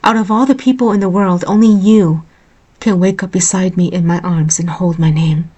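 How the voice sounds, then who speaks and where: A woman voicing a devoted young male royal guard in a storybook reading, speaking softly and earnestly. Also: fairly low pitch, fairly even intonation, moderate pace, slightly rough. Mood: tender.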